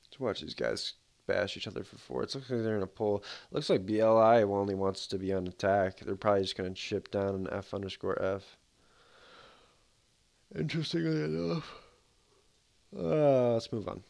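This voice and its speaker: A man with a fairly low voice hosts a casual livestream, commenting on a game as he goes. His talk is rambling and laid-back, packed with fillers and easy asides. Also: normal speed, gravelly, darkish tone. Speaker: streamer.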